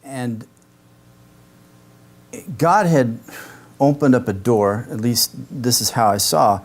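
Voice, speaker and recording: A man's voice: mid-range voice, lively intonation, slow pace. A man, a pastor, preaching an expository sermon with casual conversational asides to the congregation.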